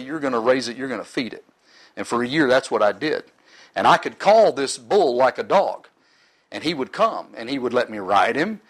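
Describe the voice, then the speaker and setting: A man's voice: mid-range voice, low-quality recording. A middle-aged man in ministry giving an earnest, sometimes emotional personal testimony to a live audience.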